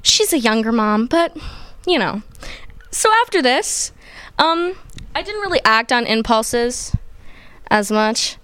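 A young woman telling a personal childhood story in an animated, playful way, acting out what people said. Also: on the high side, slow pace, pauses often, smooth, no echo. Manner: animated, playful, acts out quotes. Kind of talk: personal story told to a group.

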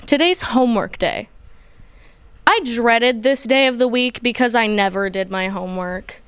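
Young woman, storyteller, animated and playful, high smooth voice, dry sound. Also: no echo. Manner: animated, playful, acts out quotes. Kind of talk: personal story told to a group.

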